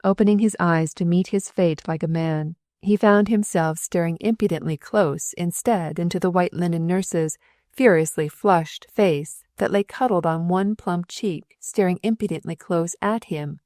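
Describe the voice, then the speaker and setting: A woman narrating a novel as an audiobook, telling the story in an expressive, dramatic way. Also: lowish voice, measured pace, dry recording, studio quality.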